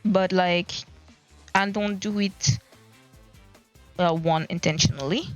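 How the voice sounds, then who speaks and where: A woman with a fairly low, steady voice livestreams casually at a slow pace, rambling and searching for words as she explains herself. Faint music plays behind her, captured by a desk mic at a laptop with dull lo-fi stream audio.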